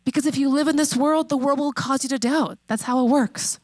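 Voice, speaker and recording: Higher-voiced woman preaching conversationally. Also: steady tone, no room sound. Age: 30s. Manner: conversational, emphatic, with repeated questions and slowed key phrases. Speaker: pastor. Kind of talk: sermon.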